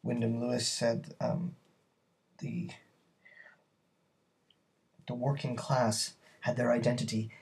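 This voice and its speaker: A man's voice: mid-range voice, creaky, darkish tone. A man teaching a poetry lesson, talking it through thoughtfully and searching for words as he explains.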